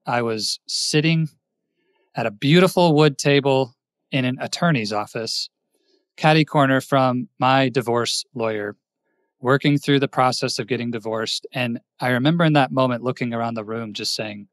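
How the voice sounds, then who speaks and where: A man's voice: mid-range voice, normal speed, no room sound, studio quality. A man, a career coach guest on a podcast, telling his story in an earnest, reflective way. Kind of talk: interview storytelling.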